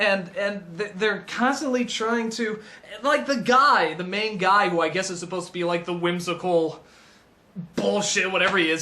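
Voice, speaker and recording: A male film reviewer launches into a heated, unscripted rant about movies. He's excitable, stumbling over words and starting over, veering from shouting to quiet muttering.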